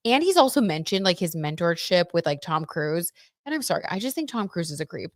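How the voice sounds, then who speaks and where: A woman's voice: fairly low pitch, sing-song, brisk, no room sound, clean studio sound. A young woman hosting a casual livestream, chatting about tarot and celebrity gossip with lots of "like" and "you know.".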